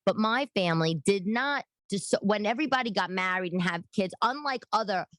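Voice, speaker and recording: A woman, hosting a talk show in a rambling, animated monologue full of fillers and restarts. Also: mid-range voice, brisk, no echo. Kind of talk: casual monologue. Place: living room.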